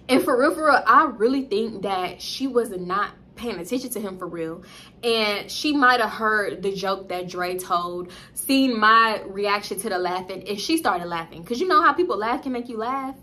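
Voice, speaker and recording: A young woman telling a story casually, cursing and acting out what people said. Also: medium pitch. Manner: animated, profane, acts out voices. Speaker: storytime vlogger.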